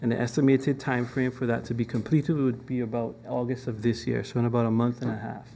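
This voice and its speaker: A man from a government department giving a formal presentation to a parliamentary committee, measured and full of ums and restarts. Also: mid-range voice, little pitch movement, gravelly, mellow, slight background noise.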